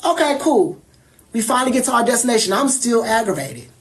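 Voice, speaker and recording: A woman telling a personal story in casual talk, animated and irritated, acting out other people as she goes. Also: fairly high pitch, a little fast.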